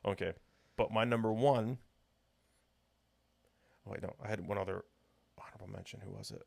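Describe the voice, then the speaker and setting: A man's voice: lowish voice, brisk, vocal fry, darkish tone. A man co-hosting a podcast in casual chat, rambling and laughing often as he talks. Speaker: podcast co-host.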